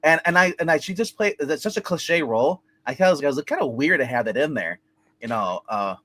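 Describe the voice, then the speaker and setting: A man's voice: a little high, lively intonation, a little fast, sharp tone, dry recording. A man reviewing a film in casual chat, rambling with lots of fillers and restarts, acting out characters' lines as he goes. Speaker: movie reviewer. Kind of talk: casual podcast movie review.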